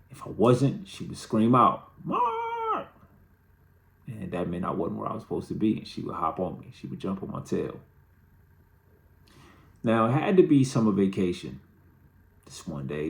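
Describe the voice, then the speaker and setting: A man's voice: sits low, creaky, darkish tone. A middle-aged man hosting a show, telling a personal story in a candid, conversational and dryly humorous way. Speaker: host.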